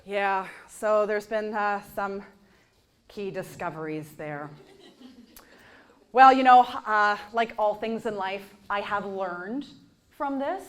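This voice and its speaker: A woman performing a stand-up comedy set on stage, with a punchy, sarcastic delivery and deadpan asides. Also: mid-range voice, takes it slowly, long pauses. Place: comedy stage before a live audience. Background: audience laughter.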